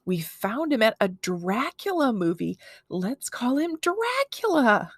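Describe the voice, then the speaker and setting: A woman voicing an eager young boy who pleads in a high, whiny voice for a children's storybook. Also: animated, normal speed, a little mellow, no echo, clean studio sound. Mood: pleading.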